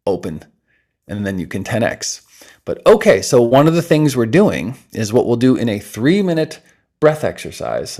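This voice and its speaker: A man with a mid-range voice, a guest in an interview, talks with energy and laughter before leading a breathing exercise with soft, slow instructions.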